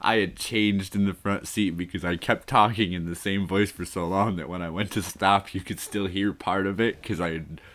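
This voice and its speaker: A man's voice: low voice, fairly even intonation, normal speed, hardly any pauses, a bit bright. A man in his thirties hosting a livestream, chatting in a rambling way and often laughing. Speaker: streamer host. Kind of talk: casual livestream chat.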